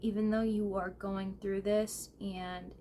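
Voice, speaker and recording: A woman doing a tarot reading at home, gentle and emotional, speaking with fillers and pauses, tearful at times. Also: mid-range voice, flat delivery, a little hiss or hum. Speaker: tarot reader. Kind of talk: slow, soft-spoken tarot reading. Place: home room, seated in a squeaky chair.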